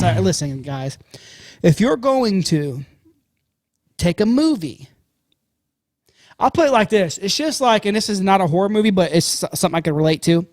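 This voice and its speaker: High-voiced, blunt, swearing man. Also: no echo. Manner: animated, profane, blunt, rambling. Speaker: podcast co-host. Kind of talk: casual podcast chat.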